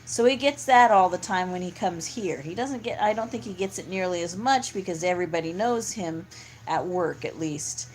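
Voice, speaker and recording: A woman's voice: on the low side, normal speed, faint music behind. A middle-aged woman talking in a casual, rambling monologue, full of fillers and restarts. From California. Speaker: vlogger.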